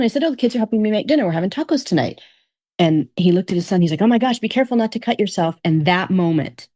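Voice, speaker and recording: A woman's voice: on the low side, dark tone. A woman guest telling stories in a casual conversation, often repeating her phrases. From Alaska.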